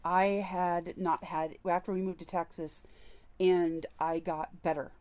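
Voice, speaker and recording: This woman vlogger speaks with a fairly low, slightly mellow voice, a bit slowly and with flat delivery, while candidly telling the camera a personal story. She is earnest and lets her emotions show.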